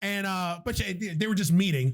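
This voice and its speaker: A man's voice: high-pitched, normal speed. A man co-hosting a podcast, telling stories in casual chat, swearing freely and laughing often. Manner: animated storyteller, swears a lot, laughs often. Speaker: podcast co-host.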